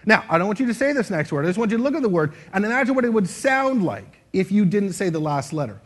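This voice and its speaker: Playful husky man leading a crowd. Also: high voice, big pitch swings, quick pace. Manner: playful, demonstrative, shifts voice to show expression. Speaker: speaker leading an audience activity. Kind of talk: interactive stage talk. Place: stage before a live audience.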